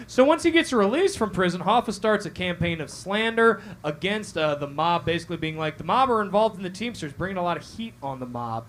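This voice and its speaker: High voiced guy hosting a comedy crime show live in a cafe, loud and swearing, super animated. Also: a little fast, few pauses, a little hiss or hum. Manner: loud, animated, swearing, asking "all right?" again and again. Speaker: host. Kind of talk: comedic true-crime storytelling to a live crowd. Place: café stage before a live audience.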